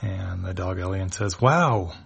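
Guy reading a comic panel by panel, gravelly voice, steady. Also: on the low side, moderate pace. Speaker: reader of a webcomic.

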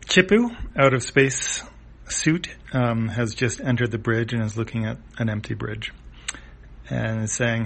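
A man's voice: lowish voice, unhurried, gravelly, fairly bright tone. A man casually reading a comic aloud, describing each panel with some fillers. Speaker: comic reader.

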